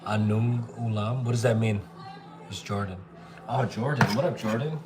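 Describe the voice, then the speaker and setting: Against heavy background noise, a man with a lowish voice cooks on a livestream at a moderate pace. The chef chats loosely with viewers, replying to comments and addressing them as bro and dude.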